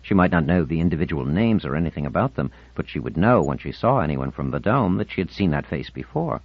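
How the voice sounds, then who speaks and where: Deep-voiced male audiobook narrator. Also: sing-song, quick pace, slightly rough, dry recording. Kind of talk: scripted narration. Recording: dull, dry studio recording.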